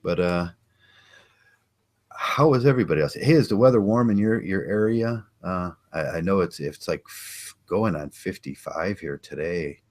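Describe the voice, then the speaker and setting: An older man hosting a casual podcast, rambling and chatting with listeners, halting with many fillers and restarts. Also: very deep voice. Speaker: podcast host. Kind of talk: casual live-stream chat.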